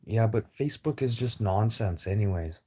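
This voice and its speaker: A man's voice: on the low side, animated, moderate pace, a little mellow, slightly rough. A man livestreaming a casual, rambling chat with viewers over a phone, talking in a blunt, profane way.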